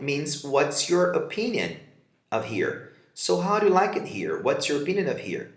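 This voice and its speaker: A man teaching an English lesson, Portuguese his first language, his pitch rising and falling a lot as he acts out example lines. The sound is roomy, with a clear echo. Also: huge pitch swings, normal speed. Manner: reads example dialogues and explains them, switching to Portuguese for translations. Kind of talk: vocabulary lesson.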